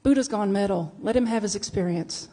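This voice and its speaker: Animated woman minister telling a story. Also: a little fast, slight background noise. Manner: animated, acts out dialogue with big swings in pitch and volume. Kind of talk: storytelling sermon. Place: church sanctuary.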